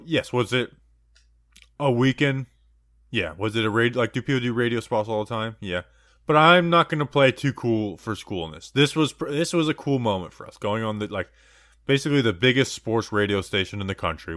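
A man's voice: medium pitch, expressive, a little fast, a bit bright, no room sound, studio quality. A man co-hosting a casual sports podcast, joking around and rambling with plenty of "like" and "you know.". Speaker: podcast co-host.

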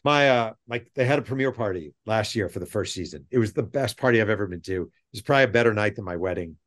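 A middle-aged man, a guest author on a podcast, chatting casually and telling animated stories with rambling asides. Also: fairly low pitch, fast. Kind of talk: casual interview chat.

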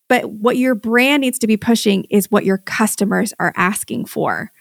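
A woman co-hosting a podcast conversation, speaking in an animated, emphatic way with many fillers. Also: mid-range voice, brisk, vocal fry, hardly any pauses, dry recording, clean studio sound.

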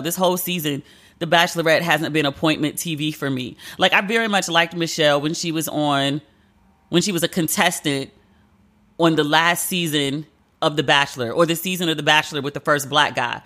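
Woman host, solo podcast, frank and opinionated, bright forward voice. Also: deep voice. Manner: candid, opinionated, slangy. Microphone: podcast mic.

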